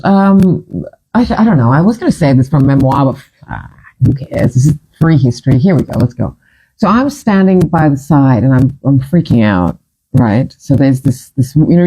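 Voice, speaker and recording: Low husky woman telling stories. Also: rough recording. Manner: animated, laughs often, acts out quoted voices. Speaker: singer and storyteller. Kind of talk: casual storytelling monologue.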